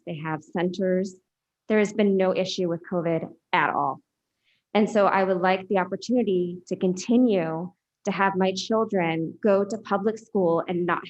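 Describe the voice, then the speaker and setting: A woman in her thirties from Illinois, a mother making a firm, matter-of-fact public comment. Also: mid-range voice. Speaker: parent speaking at public comment. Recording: dull lo-fi meeting audio.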